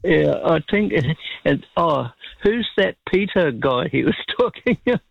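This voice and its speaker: A man calling in to a radio show, speaking in a polite, halting way with many fillers. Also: a little high, expressive, creaky, no room sound. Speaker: caller. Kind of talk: phone-in conversation. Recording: tinny phone line.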